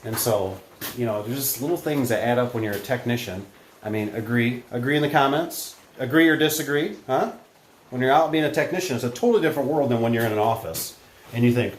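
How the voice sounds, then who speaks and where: A man's voice: medium pitch, fast. A man with a Midwestern American accent, a garage door technician talking his way through a job in a casual, rambling vlog style full of fillers and self-corrections, soaked from the rain. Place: indoors in a shed, then outdoors in the rain. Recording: echoey space with faint ambient noise.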